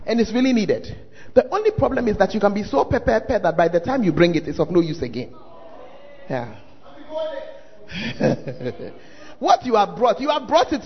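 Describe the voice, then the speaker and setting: High, lively pastor in a hall. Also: male voice, slightly rough. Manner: animated preaching with sudden shouted exclamations. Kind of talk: sermon. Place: large church hall. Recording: dull sound with long hall reverb. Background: faint congregation.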